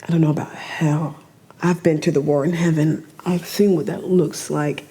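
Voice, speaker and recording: A woman giving an emotional talk on camera, speaking in a halting way and often restarting her sentences. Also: low voice, steady tone, warm tone, breathy edge. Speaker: speaker at a talk on remote viewing. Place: in front of a camera.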